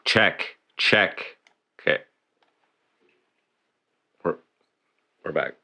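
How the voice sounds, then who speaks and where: A man's voice: sits low, lively intonation, extremely slow, sharp tone. A man hosting a casual livestream, swearing and grumbling as he fixes his setup. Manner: swearing, grumbling over tech trouble. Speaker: livestream host.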